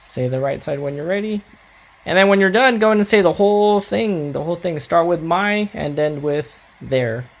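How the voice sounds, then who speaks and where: A man's voice: on the high side, expressive, moderate pace, creaky. A man teaching a recorded Spanish grammar lesson, coaching students patiently and checking in often with "all right?".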